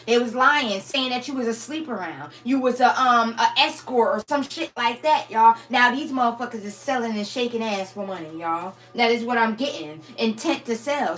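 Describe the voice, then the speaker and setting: A woman's voice: a little high, fairly bright tone. A woman giving a blunt, profane spiritual reading to her viewers, often breaking into laughter. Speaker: tarot reader.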